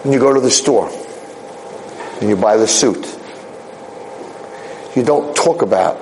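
A man giving a casual, animated Torah talk, telling a parable with quick asides. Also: mid-range voice, a little hiss or hum, rough recording. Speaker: rabbi lecturer.

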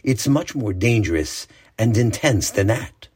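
A man voicing a cheerful older male war veteran, telling his stories in a warm, earnest way. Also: on the low side, lively intonation, a little slow, breathy edge. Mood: serious.

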